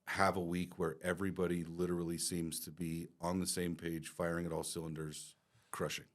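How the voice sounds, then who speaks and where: A man's voice: low-pitched, little pitch movement, moderate pace. A man co-hosting a business podcast, talking candidly and casually with some swearing and repeated starts. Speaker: podcast co-host and company team member.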